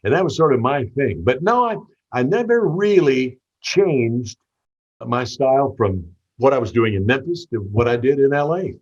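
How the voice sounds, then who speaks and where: A man's voice: medium pitch, big pitch swings, moderate pace, highs cut off. An older man with a light Southern US accent, a veteran radio DJ telling stories as a guest, often restarting his sentences. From Tennessee. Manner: warm anecdotal storyteller with repeated restarts. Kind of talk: storytelling interview.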